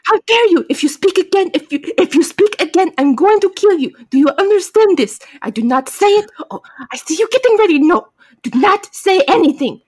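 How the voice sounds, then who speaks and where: A woman playing a furious, pompous ancient pharaoh who shouts threats. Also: very high voice, expressive, a little fast, voice pushed up. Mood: furious threatening. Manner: shouting threats in a put-on accent.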